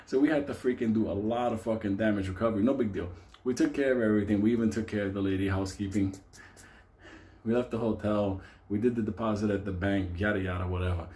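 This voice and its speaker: Mellow-voiced man telling a profane story. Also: medium pitch. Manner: animated, swears constantly, laughs through his story. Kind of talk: casual profane anecdote telling.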